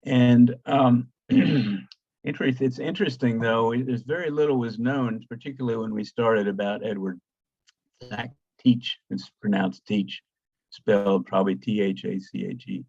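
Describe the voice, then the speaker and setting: An older male archaeologist giving a slide presentation, halting and restarting often, with many fillers, calling for the next slide. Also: medium pitch, creaky, a little mellow, slightly rough, no echo, dull audio. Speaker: guest lecturer, archaeologist.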